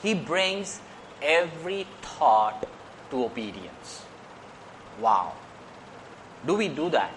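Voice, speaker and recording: A man's voice: on the high side, lively intonation, slow, pauses often, fairly bright tone, slight background noise. A man preaching a sermon in an earnest way. He repeats phrases and lifts his voice on key points.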